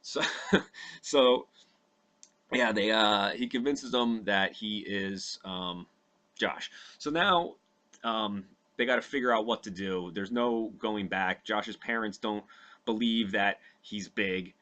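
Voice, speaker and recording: A man's voice: on the low side, slow pace, bright, forceful tone. A young man casually retelling a movie plot from memory, rambling and profane with lots of fillers. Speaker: podcast host recounting a movie from memory.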